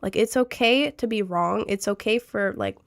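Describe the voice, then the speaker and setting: A woman's voice: mid-range voice, normal speed, gravelly. A young adult woman streamer, chatting casually and earnestly giving relationship advice to her chat, with lots of fillers.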